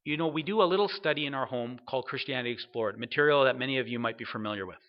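A man's voice: medium pitch, rapid-fire, muffled recording. A man preaching a sermon, reading scripture aloud and putting questions to his listeners. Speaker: pastor.

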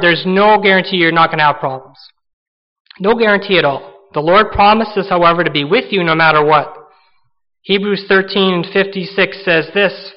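High-voiced, earnest preaching man. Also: dull audio. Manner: earnest, conversational, emphatic with rhetorical questions. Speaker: pastor. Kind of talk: sermon.

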